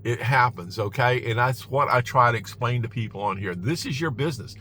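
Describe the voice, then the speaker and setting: A man's voice: medium pitch, brisk, sharp tone. A man giving casual advice in his car, emphatic and chuckling, repeating "all right?" to drive his points home.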